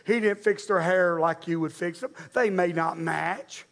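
High-voiced preacher. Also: male voice, measured pace, creaky, a bit bright. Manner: conversational, direct, addressing the congregation. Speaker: pastor. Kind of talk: sermon.

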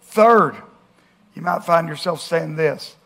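A male pastor preaching a sermon, asking rhetorical questions and swinging between loud and hushed. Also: on the high side, slow, creaky.

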